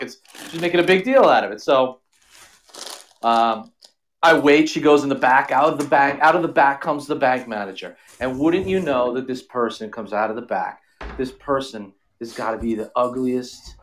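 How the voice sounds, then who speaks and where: A man's voice: medium pitch, expressive, normal speed, slight background noise. A man in his forties, a podcast guest, telling a profane story in casual chat and acting out the other people's voices. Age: 40s.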